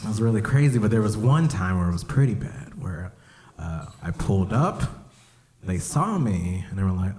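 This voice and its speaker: Man doing stand-up, animated, acts out voices, voice swoops all over. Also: sits low, moderate pace, a little hiss or hum. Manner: animated storytelling, acts out voices, bursts into shouts. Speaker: stand-up comedian. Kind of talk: stand-up comedy set. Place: comedy club stage, live audience.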